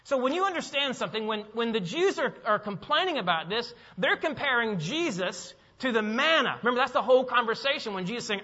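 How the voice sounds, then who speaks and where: Emphatic high-voiced preacher in echoing hall. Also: male voice, very animated, brisk, hardly any pauses, sharp tone, dull audio. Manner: emphatic, repeats key phrases, asks the congregation questions. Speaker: pastor. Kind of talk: sermon.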